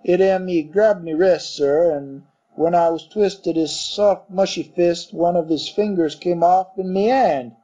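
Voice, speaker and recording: A man voicing a coarse young Cockney bellboy who talks in blunt, rough working-class grammar, in a storybook reading. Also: sits high, unhurried, warm tone, pitched above the performer's own voice. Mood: uneasy. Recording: dull muffled recording.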